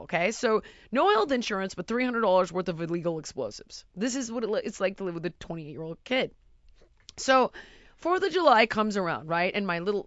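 A middle-aged woman telling a story in casual chat, animated and exasperated, acting out sounds and voices. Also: medium pitch, dry recording, lo-fi sound.

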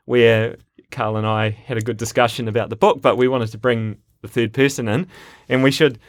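A male podcast host with a mid-pitched voice who chats, giggles and rambles along with plenty of fillers. He is recorded dry and close in a studio. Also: flat delivery, moderate pace, no echo. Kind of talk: casual podcast chat. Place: library sound studio.

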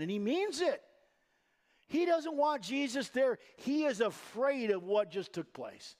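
High-voiced pastor, chatty sermon. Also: male voice, sing-song, unhurried, darkish tone. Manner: conversational, anecdotal storytelling.

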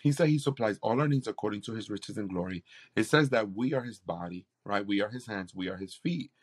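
A man's voice: on the low side, fairly quick. A man, a campus pastor, telling a faith story in an interview with an earnest, preacherly delivery. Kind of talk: interview testimony.

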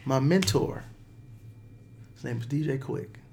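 A middle-aged man telling a story as an interview guest, animated and repeating words as he gets going. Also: medium pitch, a little slow, gravelly. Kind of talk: casual storytelling.

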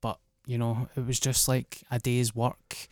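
A man's voice: mid-range voice, flat delivery, a little slow, darkish tone, no room sound, studio quality. A Scottish man, a guest comedian, telling blunt, plain-spoken stories in casual chat. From Scotland.

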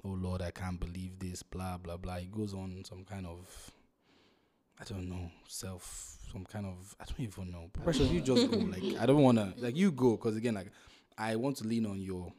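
A man hosts a casual podcast chat in a low, mellow voice. He talks with animation, often repeating and restarting phrases as he thinks aloud. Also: moderate pace. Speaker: podcast host.

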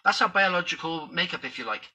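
A man talks to his viewers in a loose, rambling way, thinking aloud as he goes. His voice sits high and sounds sharp and bright, with a husky edge. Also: lively intonation, fast talker, rough recording. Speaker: vlogger. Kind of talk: casual talk to camera.

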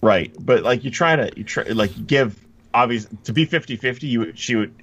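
A man's voice: medium pitch, expressive, moderate pace, fairly bright tone. A man co-hosting a casual podcast, rambling and self-deprecating with many fillers. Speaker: podcast co-host. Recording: dull lo-fi mic with faint noise.

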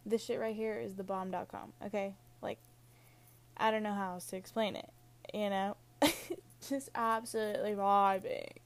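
A woman's voice: mid-range voice, little pitch movement, normal speed, vocal fry, darkish tone. Young woman, chatty podcast host, Valley-girl delivery, filler-heavy, laughs at herself, mid-range voice. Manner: Valley-girl-like, says "like" and "literally" constantly; laughs at her own jokes. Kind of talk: casual rambling podcast monologue.

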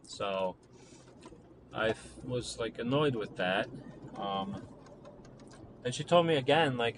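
A man's voice: mid-range voice, measured pace, pauses often. A young man casually telling a personal story, rambling with lots of "like" and acting out both sides of past conversations. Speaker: vlogger. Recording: steady traffic and vehicle noise outdoors.

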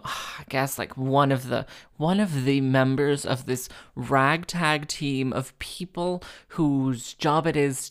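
A woman, a harpist, telling a story to camera in a rambling, self-interrupting way, with many fillers, restarts and wry acted-out quotes. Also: extremely low pitch. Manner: wry, acts out other people's lines.

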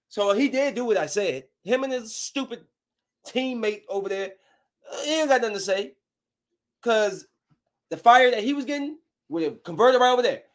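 A man's voice: very high voice, moderate pace. A man telling his viewers a story in a casual, heated rant full of swearing. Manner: profane, heated, animated retelling. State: angry while recounting.

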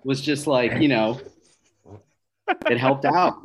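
A man's voice: mid-range voice, slow, crowd noise. Rambling man telling a wild story. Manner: rambling, repeats words, laughs at himself. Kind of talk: casual podcast chat.

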